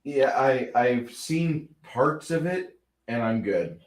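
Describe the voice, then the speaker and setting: A man co-hosting a podcast chats casually about a film, rambling, repeating words and acting out quotes. His voice is medium-pitched with lively intonation, and he speaks at a slow pace.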